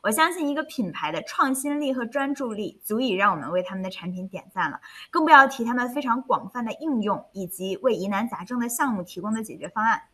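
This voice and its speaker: A woman hosting and interpreting a webinar over a video call, switching between Chinese and English in a cheerful, lively way. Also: on the high side, fast, hardly any pauses.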